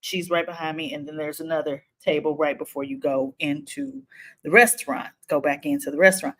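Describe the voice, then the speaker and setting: A woman, telling a personal story to camera in a lively, animated way. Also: low-pitched, brisk. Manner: animated, acts out quotes, frequent laughs.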